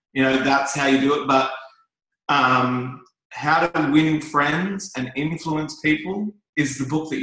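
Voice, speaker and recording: A man's voice: on the high side, a bit bright. Casual man in a very echoey room. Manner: casual, repetitive, many fillers and restarts. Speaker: network marketing trainer. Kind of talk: motivational talk to a group.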